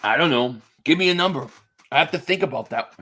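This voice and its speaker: A high, bright man's voice that is loose and excitable. He calls football plays and answers viewer chat in a casual live-stream reaction, with a swear now and then. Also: fast. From Philadelphia area. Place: home, indoors.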